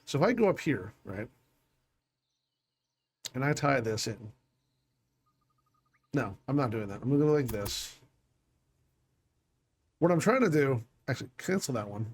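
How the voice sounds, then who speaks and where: A man's voice: mid-range voice, very animated, a little slow, long pauses, husky. Man muttering through gameplay, frustrated. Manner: thinks aloud, self-directed and frustrated, with mild swearing. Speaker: let's play gamer. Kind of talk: casual gameplay commentary.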